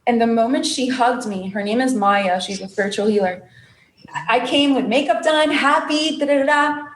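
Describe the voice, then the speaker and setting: An emotional, animated young woman tells her life story as a podcast guest. Her voice sits fairly high. The recording has a noticeably roomy, echoey sound. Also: moderate pace, a little hiss or hum. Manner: emotional, animated storyteller who acts out quotes. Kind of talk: personal storytelling in an interview.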